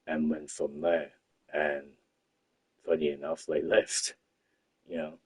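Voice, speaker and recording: A man's voice: extremely low pitch, little pitch movement, takes it slowly, darkish tone, breathy edge, poor audio. A young man telling a rambling, sweary story with lots of fillers while he plays a game. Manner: rambling, sweary, many fillers like "you know" and "obviously". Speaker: gaming streamer. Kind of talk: casual storytelling while gaming.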